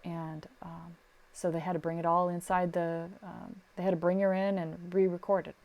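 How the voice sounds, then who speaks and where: A woman's voice: fairly low pitch, moderate pace, lo-fi sound. A middle-aged woman, a sound recordist, chatting casually on a podcast and acting out the people in her stories. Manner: animated storyteller, acts out quotes. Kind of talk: casual advice chat.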